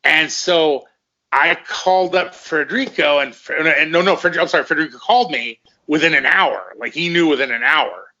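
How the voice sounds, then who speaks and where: A man's voice: on the high side, moderate pace, sharp tone, lo-fi sound. A middle-aged man, a former fighter, telling rambling, profane stories in casual conversation and often repeating himself.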